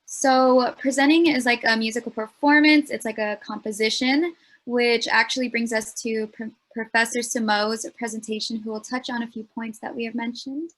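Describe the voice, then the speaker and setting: A woman's voice: a little high, steady tone, moderate pace, fairly bright tone. A young woman presenting a student speech workshop in an earnest, explanatory way, with frequent ums.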